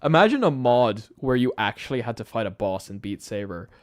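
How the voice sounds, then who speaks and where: A man's voice: medium pitch, very animated, a little fast, dry recording, clean studio sound. A tired man hosting a late-night live stream, chatting to his viewers in a rambling way with frequent laughs and restarts. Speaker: YouTube channel host. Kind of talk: casual live-stream chat.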